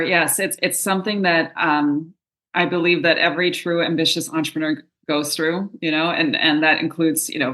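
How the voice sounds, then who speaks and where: Woman coach, interview guest, bright lower-pitched voice, earnest storytelling. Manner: earnest storytelling with frequent fillers. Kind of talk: conversational interview.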